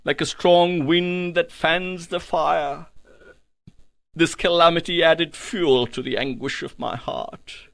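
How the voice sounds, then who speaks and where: A man narrates an audiobook with a solemn, dramatic delivery. His voice sits high for a man and carries a gravelly texture. He reads slowly in a dry, close recording. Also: a bit bright, no echo. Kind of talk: scripted first-person narration of a spiritual text.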